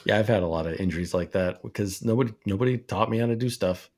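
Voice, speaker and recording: A man telling stories as a podcast guest, lively and acting out what he said back then. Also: lowish voice, quick pace, a little hiss or hum. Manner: animated storyteller, acts out his own past lines. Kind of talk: casual storytelling.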